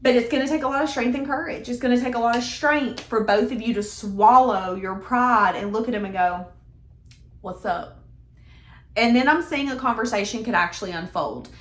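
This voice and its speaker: A woman's voice: on the high side, a little fast, few pauses. A woman giving a casual tarot reading in a chatty, emphatic, conversational way. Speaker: tarot reader. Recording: echoey room.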